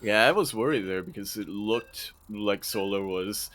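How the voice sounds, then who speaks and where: A man commentating a live strategy game match, his voice bright and forceful, with faint music playing underneath. His play-by-play is excitable and climbs to shouts when the action peaks. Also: fairly low pitch, a little slow. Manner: excitable play-by-play, rising to shouts at big moments. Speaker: esports caster.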